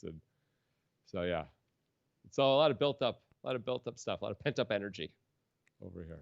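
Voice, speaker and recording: A man's voice: medium pitch, expressive, fast, vocal fry, pauses often, no echo, lo-fi sound. A man commentating a poker stream in a casual, joking, rambling way, often laughing.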